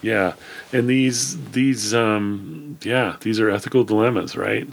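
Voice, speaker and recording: Man, casual book talk, hesitant, agreeable, low voice. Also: slow, gravelly, husky. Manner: hesitant, agreeable, many fillers and restarts.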